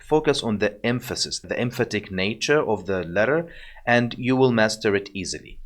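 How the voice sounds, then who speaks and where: A man teaching an online language lesson, explaining slowly and repeating sounds for learners to copy. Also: fairly low pitch, animated, a bit bright.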